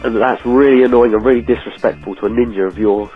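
A man's voice: mid-range voice, steady tone, fast, faint music behind. A man leaving a dry, matter-of-fact voicemail with a suggestion for the show. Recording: tinny phone voicemail.

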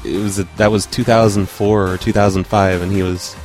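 A man's voice: lowish voice, flat delivery, fairly quick, darkish tone, soft background music. A man co-hosting a show in casual chat, rambling and laughing easily. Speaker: podcast co-host.

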